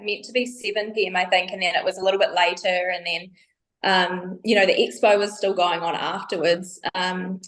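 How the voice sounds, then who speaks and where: A woman's voice: mid-range voice, a bit bright. A woman guest on a casual podcast, hesitant and often searching for words as she answers. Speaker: podcast guest, bikini athlete.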